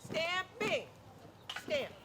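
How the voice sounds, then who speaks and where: A woman leads a flamenco class, calling out steps and counting beats, some in Spanish. Her voice sits high and she speaks slowly and deliberately. The community TV recording carries clear background noise. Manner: energetic, counts beats aloud, mixes in Spanish counts. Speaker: flamenco dance instructor. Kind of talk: dance class instruction with counting. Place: dance class, community TV broadcast.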